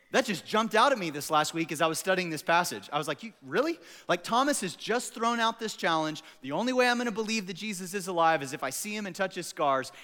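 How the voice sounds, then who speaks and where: A man preaching as a pastor, telling stories animatedly and acting out quotes for laughs. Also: a little high. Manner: animated, jokey storytelling with acted-out quotes. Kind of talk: sermon. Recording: echoey hall.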